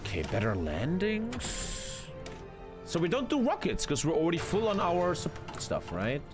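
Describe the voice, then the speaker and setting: A man's voice: huge pitch swings, moderate pace, over music. Guy in his thirties streaming a game. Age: 30s. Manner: swears a lot, jumps into loud high yelps. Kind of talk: live gameplay commentary.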